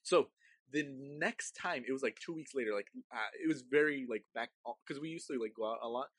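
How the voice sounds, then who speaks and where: A man's voice: mid-range voice, brisk, a bit bright, husky, no echo. A man telling a story in a casual, profane chat, acting out his parents and his younger self with animation.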